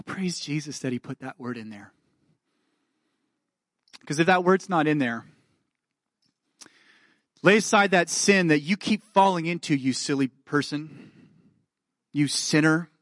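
A man's voice: on the high side, measured pace, long pauses, a bit bright, dry recording, clean studio sound. A male pastor preaching a sermon, earnestly checking in with his listeners, reading scripture aloud with rising fervor and dropping into self-deprecating asides.

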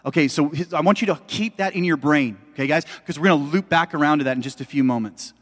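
A middle-aged pastor with a fairly high voice preaches fast, speaking conversationally and emphatically straight to his listeners. The recording carries long hall reverb.

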